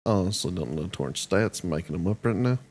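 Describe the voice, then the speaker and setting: Game master, male, lowish voice, relaxed and joking at the table. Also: fast.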